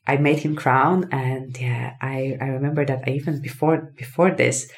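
A woman, a podcast guest telling a personal story in a casual, animated way, full of fillers and acted-out dialogue. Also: extremely low pitch, moderate pace. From Poland. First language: Polish. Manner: animated, acts out quoted dialogue, many fillers.

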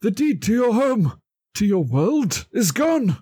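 A man voicing an excitable male hero who plays detective, with theatrical, high-pitched exclamations. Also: slow, slightly rough, no room sound, clean studio sound, heavily acted. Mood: dramatic.

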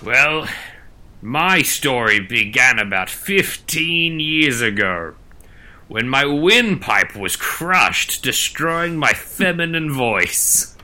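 A man voicing a tough female prisoner with a deep voice, in deadpan improvised comedy. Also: slow pace, heavily acted. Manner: deadpan, matter-of-fact.

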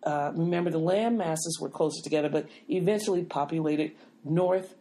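A woman's voice: low-pitched, normal speed, dark tone. A woman hosting a casual podcast chat, holding the floor insistently and asking to finish her point. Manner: insistent, keeps the floor with "wait a minute". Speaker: podcast host.

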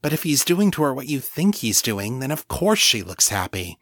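A sharp-tongued young telepath woman, read by a man, firing blunt, skeptical questions in a slightly raised voice. This is a dry, close audiobook reading with no room sound. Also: mid-range voice, very animated, normal speed, no echo.

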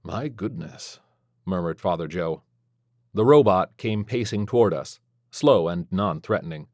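A man's voice: deep voice, moderate pace, darkish tone, dry recording. A man narrating a scripted first-person story in a sardonic, dryly witty manner. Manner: sardonic, dry wit.

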